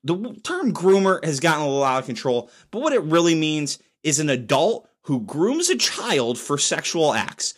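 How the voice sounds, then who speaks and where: A man's voice: normal speed, hardly any pauses. A young adult man hosting his own podcast, rambling casually and swearing freely while sipping beer. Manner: rambling, profane, lively pitch swings. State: drinking beer while recording. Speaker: podcast host. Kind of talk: casual solo podcast monologue.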